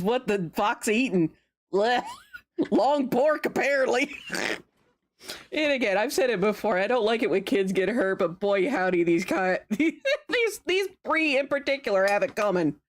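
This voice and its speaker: Young woman streamer, chatty, giggly, very lively pitch, let's-play commentary. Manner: giggly, chatty, laughs often.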